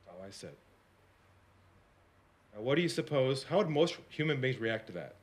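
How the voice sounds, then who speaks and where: A man giving a storytelling talk as a sales coach, dropping to a hush for quoted lines and rising high when excited, often asking the audience questions. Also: normal speed. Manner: animated, swings between hushed quoted lines and high excited narration; repeats and restarts words, asks the audience questions.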